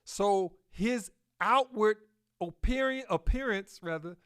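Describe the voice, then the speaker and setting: A man hosting a solo podcast, talking slowly with fillers and self-corrections, and pushing up on key words for emphasis. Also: high-pitched, fairly bright tone, clear, resonant tone. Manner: slow, halting delivery with fillers and self-corrections. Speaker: podcast host.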